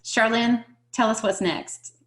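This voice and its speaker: A woman's voice: a little high, takes it slowly, fairly bright tone, rough recording. A woman presenting an online wellness lesson, recapping points in short, emphatic phrases. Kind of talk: online webinar teaching.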